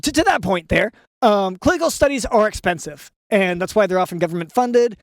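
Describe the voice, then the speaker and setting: A man's voice: high-pitched, animated, fairly quick, no echo, clean studio sound. A man on a comedy podcast playing a mock-earnest, hesitant interviewer. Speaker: podcast co-host asking questions. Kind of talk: improvised comedy chat.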